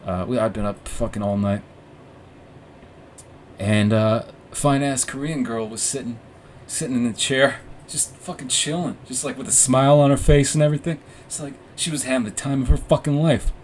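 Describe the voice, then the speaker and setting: Young guy podcast host rambling a story, swears a lot, keeps restarting, normal pitch, faint room hum. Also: normal speed, a little mellow. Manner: rambling, profane, self-mocking, with frequent restarts and fillers. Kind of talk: casual storytelling monologue. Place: room with warm orange lighting.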